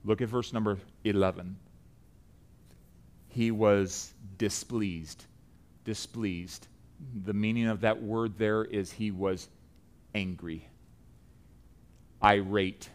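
Earnest low-voiced male preacher. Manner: earnest, rises to loud emphatic peaks. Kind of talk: sermon.

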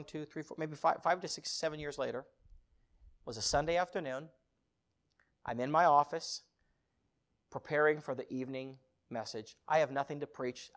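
A man preaching, telling a personal story in a dramatic sermon style, with loud bursts and hushed passages. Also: medium pitch.

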